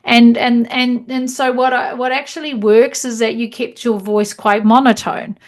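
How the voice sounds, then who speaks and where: Teacher woman coaching meditation cues. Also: on the high side. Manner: demonstrates cues in a slow calm guiding voice. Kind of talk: teaching a training session. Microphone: video call.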